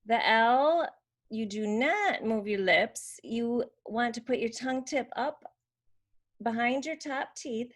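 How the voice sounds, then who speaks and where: Slow, patient woman teaching speech sounds. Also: fairly high pitch. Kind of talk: slow instructional demonstration.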